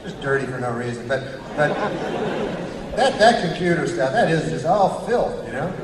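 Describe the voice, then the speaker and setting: A man doing a rambling stand-up set, deadpan, with filler phrases. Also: fairly high pitch, normal speed, background noise. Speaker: stand-up comedian. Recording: echoey club from far off with loud crowd. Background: audience laughter.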